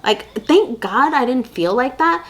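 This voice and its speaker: A woman's voice: high-pitched, animated, unhurried, fairly bright tone. A young woman vlogging candid parenting advice in a casual, chatty way, full of fillers and asides. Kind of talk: casual chat to camera.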